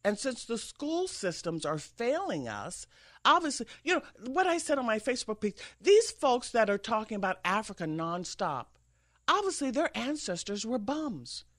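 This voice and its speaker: Animated woman host, emphatic commentary. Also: a little high, moderate pace. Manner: emphatic, mocking mimicry of others. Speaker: talk show host. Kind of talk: political commentary monologue. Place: radio studio with an engineer.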